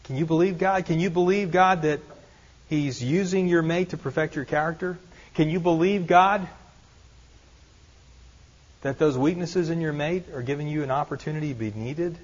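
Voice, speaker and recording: A pastor with a slightly high voice delivers an earnest sermon at a moderate pace, leaving long pauses. He keeps repeating rhetorical questions and slips in some light self-deprecating humor. The sermon recording is dull and lo-fi.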